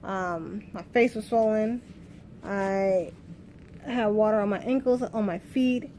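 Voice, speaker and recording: A woman's voice: mid-range voice, slow, mellow, slight background noise. A woman in her thirties telling her own birth story in a candid, emotional vlog, rambling with restarts. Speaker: vlogger.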